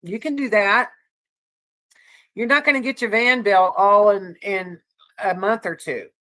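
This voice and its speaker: A woman's voice: mid-range voice, measured pace, pushed and bright. A woman co-hosting a casual livestream, chatting with viewers in a rambling way and laughing often. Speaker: livestream co-host.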